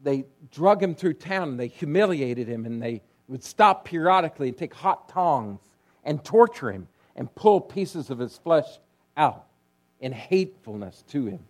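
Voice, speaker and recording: Pastor guy preaching, kinda high voice, dramatic storyteller, goes quiet then loud. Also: lively intonation, measured pace. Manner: dramatic storytelling, swinging between hushed and loud. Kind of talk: sermon.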